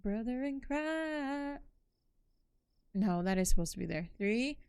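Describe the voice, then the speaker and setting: Slightly high yet darkish, her voice is clear and resonant with lively intonation, delivered slowly without echo. The young woman plays a horror game on stream, casually talking to chat with slang and swearing, and shrieks when startled.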